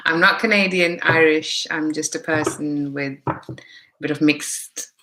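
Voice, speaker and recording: A woman's voice: low voice, slow, pushed and bright. A woman with a mixed Indian accent, hosting a live tarot stream in a chatty way, greeting viewers by name and thinking aloud as she reads the cards. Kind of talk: casual live-stream chat and tarot reading.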